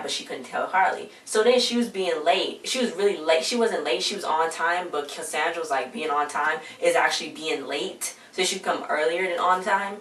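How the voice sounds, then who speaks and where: A woman's voice: on the low side, a bit bright. A woman casually recapping a TV episode, chatty and full of slang, acting out the characters' lines as she retells the scenes. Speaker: recap vlogger. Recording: roomy, distant home mic with faint noise.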